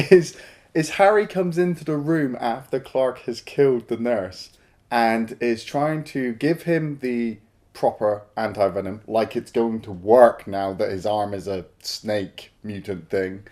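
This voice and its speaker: A man's voice: medium pitch, unhurried, darkish tone. A man co-hosting a film review show, chatting casually and animatedly, swearing and acting out scenes. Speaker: film review podcast co-host. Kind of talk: casual chat.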